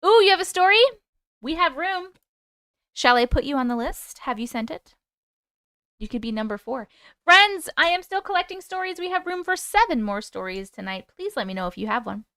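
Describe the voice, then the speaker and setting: A woman hosting a live stream, reading viewer comments aloud and greeting people in a bubbly, chatty way with a high, squeaky voice. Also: lively intonation, moderate pace, pushed and bright, dry recording, clean studio sound. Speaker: host reading live chat. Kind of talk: casual live-stream chat.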